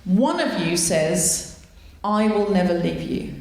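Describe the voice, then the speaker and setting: A woman's voice: medium pitch, lively intonation. Wry woman hosting live comedy. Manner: wry, quick, laughing through her jokes. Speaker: comedy podcast host. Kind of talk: live stand-up comedy chat. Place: theatre stage before a live audience. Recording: echoey theatre, loud audience, noisy.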